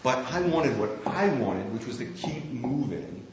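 A man's voice: medium pitch, very animated, unhurried. A man delivers a sermon, telling a candid, self-deprecating story about himself. His voice rings through a strongly echoing room, and the recording sounds a little dull, with faint noise underneath. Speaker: preacher. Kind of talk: sermon with personal anecdote.

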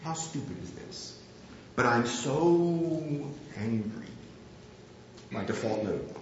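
A man's voice: mid-range voice, animated, slow pace, a little hiss or hum. A man preaching a sermon, telling a candid, self-deprecating story about himself. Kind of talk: sermon with personal anecdote. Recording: very echoey, slightly dull room recording.

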